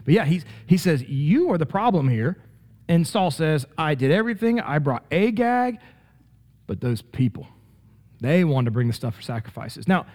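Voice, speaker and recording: Emphatic, mellow-voiced Bible teacher man. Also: fairly high pitch. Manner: emphatic, conversational, frequent rhetorical "right?". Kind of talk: Bible study lesson with slides.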